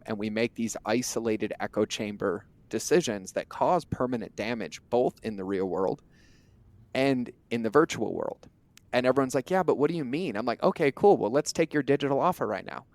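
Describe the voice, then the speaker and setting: A man as a podcast guest, talking in an emphatic, animated way with casual language and occasional swearing. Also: fairly low pitch, dry recording. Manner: emphatic, animated storyteller who acts out quoted exchanges. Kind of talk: conversational interview talk.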